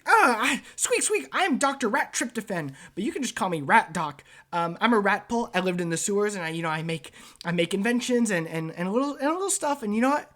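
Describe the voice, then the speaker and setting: A man voicing a small, cheerful rat-man inventor who squeaks between words. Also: big pitch swings, quick pace, hardly any pauses, a bit bright. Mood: eager.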